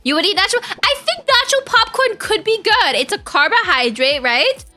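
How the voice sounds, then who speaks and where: Bubbly high-voiced woman streamer. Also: big pitch swings, moderate pace, sharp tone, soft background music. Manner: bubbly, chatty, reads out chat and greets viewers. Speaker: VTuber streamer. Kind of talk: casual live-stream chat with viewers.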